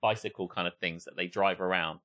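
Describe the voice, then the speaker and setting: A man's voice: low voice, steady tone, brisk, bright, forceful tone. A man co-hosting a podcast, ranting in casual chat with plenty of swearing and acted-out impressions. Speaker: podcast co-host.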